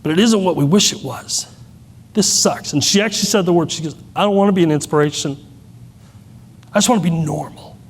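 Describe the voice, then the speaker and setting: A man's voice: a little high, a little fast, breathy edge. Storytelling man in an echoey hall. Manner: candid, self-deprecating storytelling with many restarts. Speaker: keynote speaker. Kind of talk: personal storytelling keynote.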